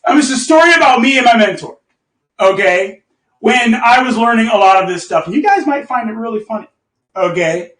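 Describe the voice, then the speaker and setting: High-voiced man telling a story in an echoey room. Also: a little fast, recorded from a distance. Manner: animated, laughs often, swears, keeps asking "okay?". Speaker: host. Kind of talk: casual storytelling to a community.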